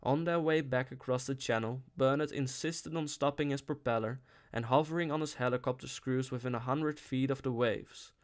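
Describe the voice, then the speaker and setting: A man reading a novel aloud in a steady, mid-pitched voice. He restarts a word now and then. The pace stays even throughout. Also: clear, resonant tone. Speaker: audiobook reader. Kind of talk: unscripted-feel audiobook narration.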